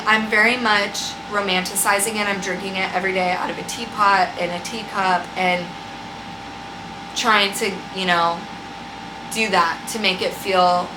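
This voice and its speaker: A young woman vlogging at home in casual chat, frustrated and rambling, swearing freely. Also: mid-range voice. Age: young adult. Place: home room with a loud air conditioner. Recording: echoey room, faint hum.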